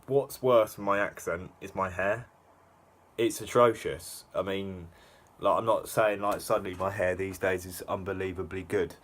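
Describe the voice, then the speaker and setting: A man's voice: sits low, fairly even intonation, normal speed, a bit bright. A young man rambling through self-mocking reaction commentary, with lots of fillers. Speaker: YouTuber.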